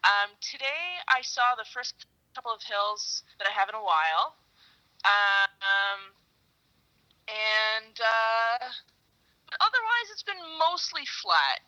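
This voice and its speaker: A woman talks about cycling across the country in a casual, phone-style interview, telling her stories with animated energy and sudden high-pitched bursts. She speaks at a slow pace, and the audio sounds dull.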